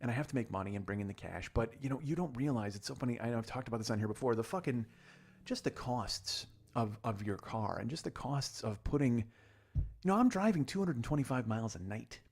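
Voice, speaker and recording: A man in his forties riffs through a rambling comedy podcast monologue, profane and self-deprecating, tripping over his own restarts. His voice has a gravelly fry at a middle pitch. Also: fast, darkish tone. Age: 40s. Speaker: podcast host.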